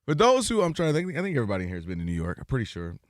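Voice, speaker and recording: A man co-hosting a sports talk show, chatting casually and expressively and quick to laugh along. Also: mid-range voice, wildly swooping pitch, no room sound, clean studio sound. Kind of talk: casual sports radio chat.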